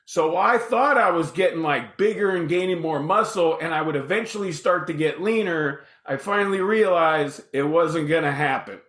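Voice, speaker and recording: Animated bright-voiced storyteller man. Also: a little high, normal speed, hardly any pauses. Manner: animated, acts out the dialogue in his stories. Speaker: podcast guest. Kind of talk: casual storytelling. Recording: roomy echoey room.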